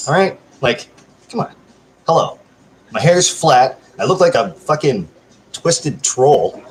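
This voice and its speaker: A man's voice: mid-range voice, sing-song, takes it slowly, long pauses, slight background noise. Guy rambling to his stream chat from home, crude jokes, swears a lot, laid back. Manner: joking, crude, chatty with viewers. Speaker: live streamer. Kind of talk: casual live-stream chat.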